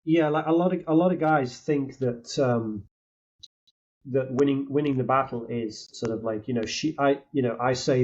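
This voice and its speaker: A man's voice: medium pitch, moderate pace, darkish tone. A man who is a guest on a podcast, talking casually in a rambling way and often restarting his sentences. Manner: rambling, self-interrupting, hedging. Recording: dull lo-fi mic sound.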